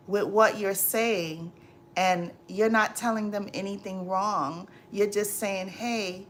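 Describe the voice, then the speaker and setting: A woman's voice: mid-range voice, a bit bright, slight background noise. A woman hosting a livestream, chatting casually to viewers, exasperated and preachy, repeating herself. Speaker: livestream host. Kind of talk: casual live chat, advice to viewers.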